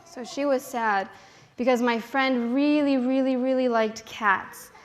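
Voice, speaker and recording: A woman's voice: high voice, measured pace, a little hiss or hum. A young woman telling a children's story in church, asking the children questions along the way and acting out the characters. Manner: animated, asks the children questions.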